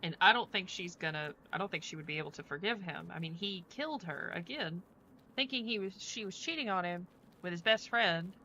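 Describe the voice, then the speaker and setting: A woman's voice: on the low side, brisk, pushed and bright, slight background noise, rough recording. A woman streaming a game, chatting casually in a rambling way full of fillers. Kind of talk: casual chat while playing a game.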